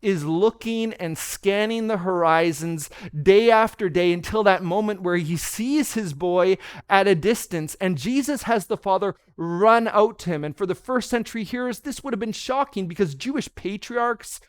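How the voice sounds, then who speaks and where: A man in his thirties giving a sermon as pastor, telling stories earnestly and dropping softer and slower for tender quoted words. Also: high-pitched, smooth, no room sound, studio quality. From Canada. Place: church.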